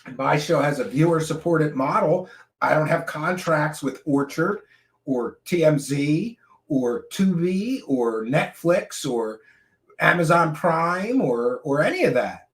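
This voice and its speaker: A man hosting his own commentary show, ranting sarcastically and breaking into shouts at times. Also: on the high side, slow pace. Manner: animated, sarcastic, bursts into shouting. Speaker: show host.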